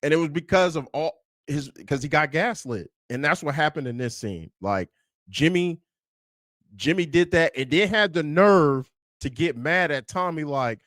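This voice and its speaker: A man from Kansas giving a casual, animated film commentary, swearing freely and acting out the lines he quotes. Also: on the high side, normal speed, dry recording. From Kansas, USA. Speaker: movie review YouTuber.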